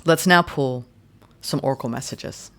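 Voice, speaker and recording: A woman giving a guided tarot and astrology reading in a gentle, soothing way, speaking in slow, deliberate phrases. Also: rumbling low. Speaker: tarot reader.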